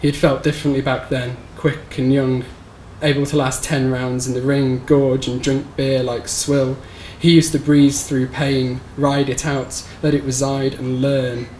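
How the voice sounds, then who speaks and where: A man reads his short story aloud in a bookshop event room, with a measured, somber delivery. His voice sits at a middling pitch and moves in a flat, narrow line. The room answers with a roomy echo and a faint hum of background noise. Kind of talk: live reading of literary fiction. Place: bookshop event space, live audience.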